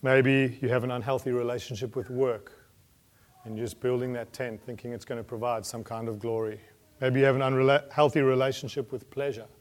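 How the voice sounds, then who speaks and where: A male preacher delivers a sermon in an ordinary mid-range voice. He speaks earnestly, pushing some phrases with force and letting others fall quiet. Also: mid-range voice. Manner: earnest, rising to emphatic peaks then dropping soft.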